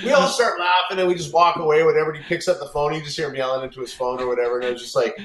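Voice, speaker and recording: A man's voice: fairly high pitch, very fast, over music. A man telling a long road story in casual chat, swearing often and restarting his sentences. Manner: rambling, profane storytelling with many restarts. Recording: roomy echo.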